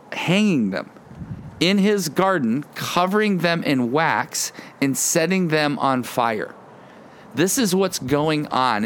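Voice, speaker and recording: Male pastor, earnest outdoor sermon, stumbles and repeats, faint wind noise in the background. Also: a little high. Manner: earnest, repeats words, quotes in character voices.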